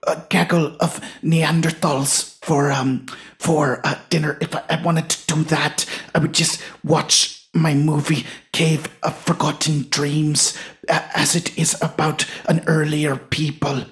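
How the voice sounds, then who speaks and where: A man's voice: fairly high pitch, flat delivery, a bit bright. A man voicing a gloomy, hesitant older man with a solemn oddball manner who halts and restarts often, in a comedy sketch. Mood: deadpan. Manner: halting, full of uh and restarts.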